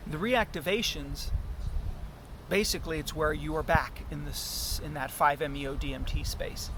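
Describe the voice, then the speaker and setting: A man telling a personal story in a halting, earnest way, often restarting his sentences. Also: fairly high pitch, fairly bright tone, a little hiss or hum.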